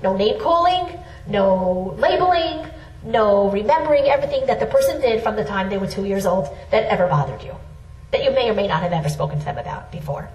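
A woman's voice: medium pitch, lively intonation, brisk, a little mellow, dull audio. A middle-aged woman giving an earnest, emphatic Torah lesson. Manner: earnest, emphatic, with rising exclamations. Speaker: Torah teacher. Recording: roomy sound from a distant mic.

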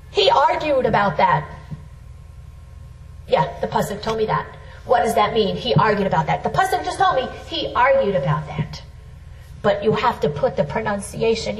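High-voiced woman teaching from afar. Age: middle-aged. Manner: earnest, emphatic, with rising exclamations. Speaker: Torah teacher. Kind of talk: spoken Torah lesson. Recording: roomy sound from a distant mic.

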